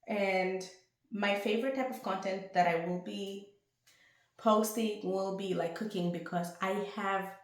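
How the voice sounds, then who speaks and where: A young woman vlogging to camera in a rambling, chatty way at home, with bursts of excitement. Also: medium pitch. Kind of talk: casual chat to camera. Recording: very echoey room.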